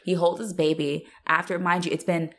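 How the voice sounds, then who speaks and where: A young woman co-hosting a podcast, recapping a show in casual chat, animated and profane, laughing as she acts out the characters. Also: lowish voice, normal speed, a little hiss or hum. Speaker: podcast co-host.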